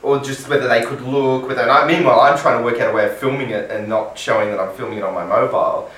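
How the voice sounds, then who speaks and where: Bright rambling Australian man, echoey room. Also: medium pitch, fairly even intonation, fast talker, far from the mic. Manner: rambling storyteller, swears casually, acts out the people he quotes. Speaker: co-host. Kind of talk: casual chat.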